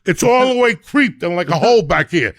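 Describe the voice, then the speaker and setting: Gravelly, profane New comedian ranting. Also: male voice, high-pitched, brisk, no echo, clean studio sound. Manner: profane, loud and animated, rants in bursts. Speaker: comedian and podcast host. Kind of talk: crude comic storytelling.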